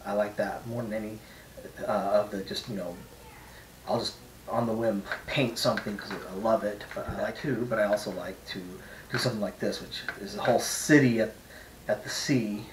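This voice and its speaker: A man's voice: lowish voice, fairly even intonation, normal speed, echoey room, far from the mic, background noise, natural voice. A man voicing a rambling painter in a put-on Eastern European accent, hosting an art tutorial from his home studio. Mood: chatty. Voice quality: rambling, many restarts and fillers. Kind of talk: casual talk to camera.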